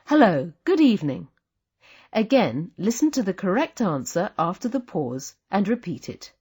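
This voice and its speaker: Woman reading course instructions, patient and clear, breathy voice, lots of lilt. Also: mid-range voice, big pitch swings, normal speed, darkish tone. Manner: clear, patient teaching delivery. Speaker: language course narrator. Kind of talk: scripted instructional narration.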